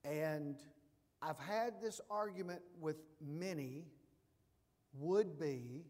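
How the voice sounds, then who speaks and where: A man preaching a sermon as pastor, emphatic, swinging from hushed asides to loud declarations. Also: a little high, drawn-out words, long reverb tail.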